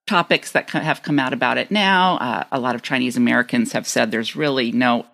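Low gravelly-voiced woman podcaster. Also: brisk, fairly bright tone. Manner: reflective, storytelling. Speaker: podcast co-host. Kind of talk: casual chat.

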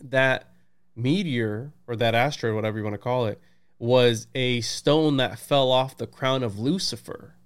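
A man hosting a casual podcast chat, excitable and laughing, reading aloud from notes. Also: medium pitch, measured pace, smooth. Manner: excited, laughing, says "bro" and "dude". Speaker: podcast host.

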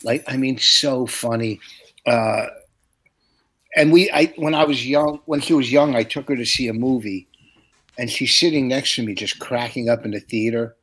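A middle-aged comedian hosting a podcast, speaking at an ordinary pitch. He rambles through long stories in casual chat. He laughs at his own jokes as he goes. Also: normal speed, fairly bright tone, slightly rough.

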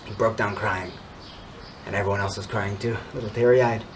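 A man telling a story in a weekly Torah talk, dropping to a hushed tone for tense moments and rising when he urges his listeners on. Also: lowish voice, fairly even intonation, a little fast, slight background noise. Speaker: Torah speaker.

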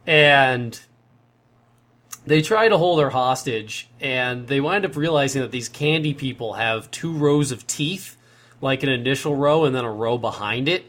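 A man's voice: mid-range voice, fairly bright tone. A young man in casual chat, telling a long story in a rambling way and correcting himself as he goes.

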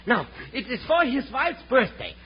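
A man playing a flustered, excitable jewelry courier who stammers in broken English, in an old radio drama. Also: extremely high pitch, normal speed, full character voice. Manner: frantic, stammering, foreign-sounding broken English. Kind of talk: 1950s radio drama acting. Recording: old lo-fi radio broadcast with hiss.

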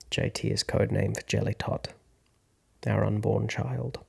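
Casting note: man in his thirties, slow reflective storyteller with a gravelly, flat low voice. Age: 30s. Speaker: podcast host, actor. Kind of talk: first-person storytelling narration.

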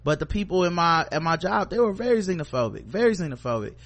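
A man's voice: high voice, expressive, quick pace, a bit bright. A man co-hosting a podcast, telling a work story in casual chat, acting out coworkers in quoted voices and swearing freely. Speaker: podcast co-host.

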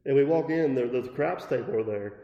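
A man's voice: mid-range voice, fast talker, creaky, dull audio. A man co-hosting a casual podcast, telling stories and laughing as he acts out what others said. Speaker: podcast co-host. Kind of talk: casual storytelling chat. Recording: echoey room with long reverb.

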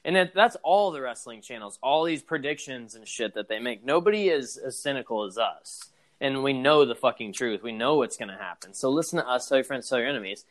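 A man's voice: mid-range voice, lively intonation, fairly quick. A man co-hosting a wrestling podcast in casual chat, blunt and cynical, swearing now and then. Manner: cynical, blunt, laughs along. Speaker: podcast co-host.

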